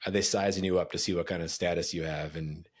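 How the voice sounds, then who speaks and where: A man with a deep, low voice hosts a podcast conversation. He poses probing questions in a relaxed, conversational way. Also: fast. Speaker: podcast host.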